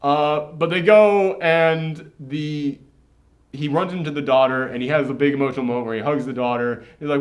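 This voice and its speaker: Animated man retelling a movie. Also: on the high side, normal speed. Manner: animated retelling, acting out quoted lines. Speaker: podcast host. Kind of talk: casual movie reaction chat.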